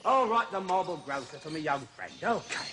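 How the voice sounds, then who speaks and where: In a TV comedy sketch, an actor plays a jolly, blustering zookeeper who hosts zoo films and safaris, chattering and chuckling while a little out of breath. His voice is on the high side, very animated and a little fast, with a chummy mood and background noise.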